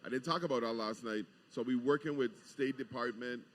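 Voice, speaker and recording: A middle-aged man serves as governor and guest on a morning talk program, his voice steady and mid-pitched. He laughs readily and lays out policy patiently in everyday words, chatting casually from an outdoor deck. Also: a little fast. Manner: laughs easily, explains patiently. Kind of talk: casual radio chat, explaining policy. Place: outdoor deck at a live broadcast.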